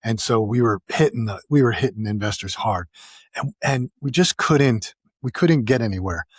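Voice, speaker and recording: A male podcast host spins a story in an easy, conversational way, often doubling back mid-sentence. His voice sits at a middling pitch with a slightly husky grain. The sound is close and dry, with no room around it. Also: normal speed, no room sound. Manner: animated anecdote-telling with frequent restarts. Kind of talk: casual storytelling.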